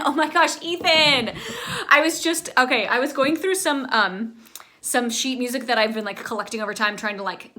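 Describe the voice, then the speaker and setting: A young adult woman, a choir teacher, giving rambling, heartfelt farewell messages to her graduating students, full of fillers. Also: fairly high pitch. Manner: warm, rambling, filler-heavy, chatty.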